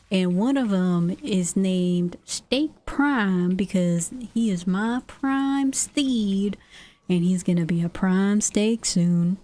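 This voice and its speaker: A woman voicing a swaggering male cowboy rancher who talks in a slow, boastful drawl. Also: medium pitch, a little mellow, natural voice.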